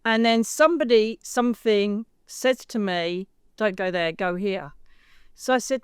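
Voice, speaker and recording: A middle-aged English woman, a psychic medium guest, telling a personal story in a lively way and acting out the voices she quotes. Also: mid-range voice, a little slow, clean tone, dry recording, clean studio sound. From United Kingdom. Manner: lively, acts out quoted voices, says "darling".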